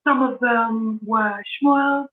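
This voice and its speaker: Heard through a thin, phone-quality connection, a British-accented author from London chats casually as a podcast guest. Her voice is on the high side, her intonation fairly even, and she speaks slowly, describing her life plainly.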